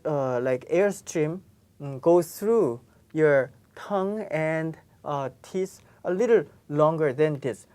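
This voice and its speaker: A woman's voice: low voice, expressive, slow, mellow. A woman teaching pronunciation, patiently repeating each sound for learners. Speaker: Korean language teacher. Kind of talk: pronunciation lesson.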